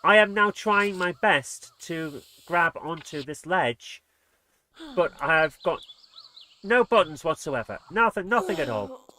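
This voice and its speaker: Bright-voiced exasperated gamer. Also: male voice, fairly high pitch, animated, unhurried. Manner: exasperated, swearing under breath, muttering asides. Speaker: let's play host. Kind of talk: casual gameplay commentary.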